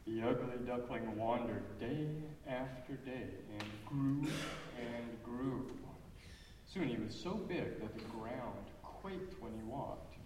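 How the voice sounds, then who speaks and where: A man reading a children's story aloud in church, expressive and lively. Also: medium pitch, slow pace. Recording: echoey church hall, far off, faint noise.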